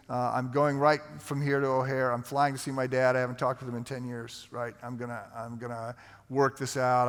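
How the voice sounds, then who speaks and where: A male pastor telling a story in a conversational sermon, with halting restarts. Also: mid-range voice, a bit bright. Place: large church sanctuary. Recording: long hall reverb.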